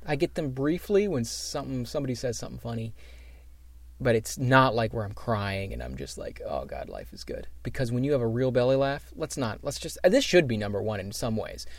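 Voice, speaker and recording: A man's voice: mid-range voice, lively intonation, a little fast, dry recording. Guy co-hosting a chill podcast, rambly and thoughtful, dry close sound. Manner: rambling, reflective, many restarts. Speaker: podcast co-host. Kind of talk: casual chat.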